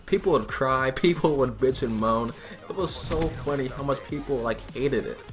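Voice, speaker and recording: A young man of middle pitch talks through a gameplay video, spinning a loose story with frequent laughter and casual swearing. Music plays faintly under his voice. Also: normal speed. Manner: laughing, profane, chatty. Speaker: gaming channel host. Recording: music playing behind the voice. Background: background music.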